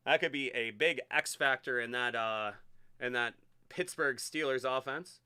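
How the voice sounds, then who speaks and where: A man hosting a live-streamed sports card break, chatty and excitable as he hypes each card he pulls. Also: mid-range voice, clean tone.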